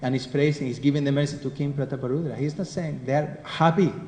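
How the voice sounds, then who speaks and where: A man with a Spanish accent leads a devotional scripture class, speaking in a warm, mellow voice and often turning questions to the room. His voice rings with a long, roomy hall echo, and a faint hiss runs underneath. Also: fairly high pitch, fairly even intonation, fast. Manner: conversational, keeps asking the listeners questions.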